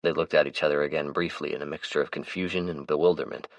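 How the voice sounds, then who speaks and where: A man narrating an audiobook in a steady, even storytelling manner. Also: very deep voice, quick pace, no room sound. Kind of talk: scripted narration.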